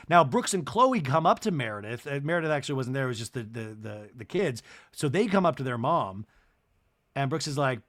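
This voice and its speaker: A man's voice: on the high side, brisk. A young man hosting a comedy podcast, recapping a reality show and acting out the cast's lines with exaggerated voices. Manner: animated, mimics cast members with exaggerated voices and laughs.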